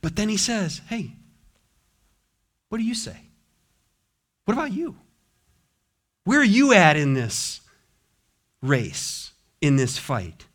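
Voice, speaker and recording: Male pastor, high-pitched voice, passionate sermon delivery, loud then quiet. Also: big pitch swings, slow pace, long pauses. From United States. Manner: impassioned preaching, swinging from loud exhortation to soft, low asides.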